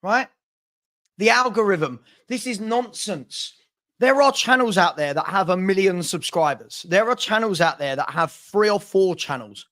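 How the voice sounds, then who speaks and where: A man with a fairly high voice chats on a casual football live stream. He gets worked up and exasperated, repeating himself and restarting sentences as he goes. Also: lively intonation, a little slow, fairly bright tone. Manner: exasperated, repetitive, stumbling restarts. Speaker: football channel host.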